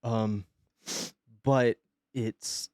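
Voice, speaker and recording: A male streamer, sick with pneumonia, making an emotional announcement in a halting, hesitant way and holding back tears. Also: mid-range voice, steady tone, darkish tone, no echo, studio quality.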